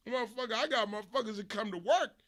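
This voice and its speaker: The middle-aged Los Angeles stream host rattles fast through a comedic story in a profane, animated rant, his voice jumping sharply in both pitch and volume.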